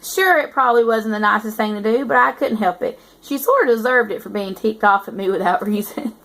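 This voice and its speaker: Brief: cocky young college guy narrating, told in a fairly high woman's reading voice. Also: a little fast, a bit bright. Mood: amused. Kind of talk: reading a novel aloud.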